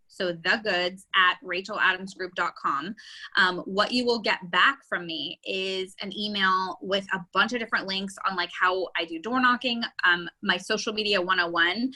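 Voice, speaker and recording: A woman's voice: on the low side, bright, forceful tone, rough recording. A woman real estate agent and coach giving an enthusiastic, chatty webinar talk with many fillers.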